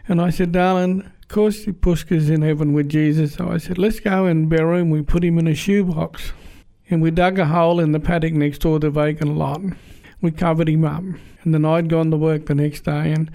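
A man's voice: on the high side, flat delivery, a little fast, creaky, mellow. A middle-aged man telling a homely family story in a casual, rambling way, often restarting his sentences. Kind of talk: casual spoken anecdote.

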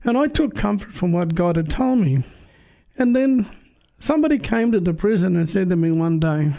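Earnest high-voiced man preaching. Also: lively intonation, normal speed, gravelly, mellow. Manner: earnest, emphatic, plain-spoken. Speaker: preacher giving his testimony. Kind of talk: testimony sermon.

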